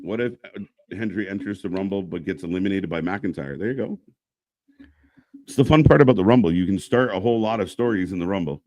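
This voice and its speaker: A man co-hosting a casual live wrestling stream, calling the action with hyped, animated reactions. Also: low voice, quick pace. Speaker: co-host. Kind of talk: casual live play-by-play chat.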